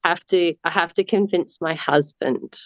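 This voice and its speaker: A woman with an Australian accent speaks slowly and haltingly in a casual interview. Her voice is smooth and fairly low. The sound is dry and a little dull. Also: dry recording. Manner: halting, with many fillers and restarts. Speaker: guest, marathon runner.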